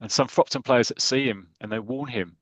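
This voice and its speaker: A British man on a podcast, casually retelling a football comic story with lots of fillers and quick voices for the characters. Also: medium pitch, dry recording. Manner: reads comic dialogue aloud in light voices, hesitant fillers. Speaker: podcast co-host.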